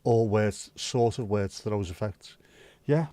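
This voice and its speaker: A man's voice: fairly low pitch, unhurried, warm tone. A man hosting a livestream, chatting casually with viewers, rambling and musing aloud with plenty of swearing. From Wales. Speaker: livestream host.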